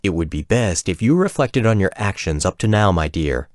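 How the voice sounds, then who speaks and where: A man voicing a courtly, self-assured male wizard with a gnomish accent, speaking formally and with measured politeness. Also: low-pitched, animated, no room sound, studio quality. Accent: gnomish accent of the fantasy world.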